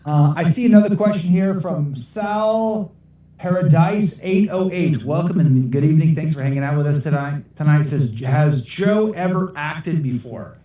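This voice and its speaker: A middle-aged American man answers livestream questions in a casual, rambling, self-deprecating way, laughing often. His mellow voice is on the high side at a moderate pace, sounding far from the mic with heavy reverb.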